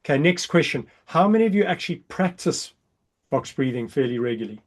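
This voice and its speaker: A man leading a breathwork workshop over a video call, explaining exercises and counting slowly and softly through the breaths. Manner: calm counting, drops soft and low during counts. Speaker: breathwork coach.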